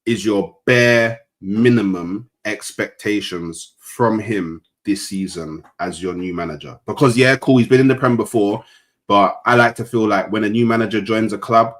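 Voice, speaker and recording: A young man co-hosts a casual football chat in a laid-back, slangy way. His voice sits a little low. He drifts between easy questions and amused asides. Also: normal speed, fairly bright tone. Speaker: co-host.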